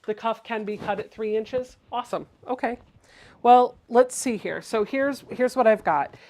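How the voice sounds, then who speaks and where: A woman's voice: fairly high pitch, moderate pace, a little mellow. Woman doing a sewing livestream, easygoing and chatty, talks thru every cut and press. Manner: chatty, explains each step while reading viewer comments aloud. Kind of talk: casual livestream sewing tutorial.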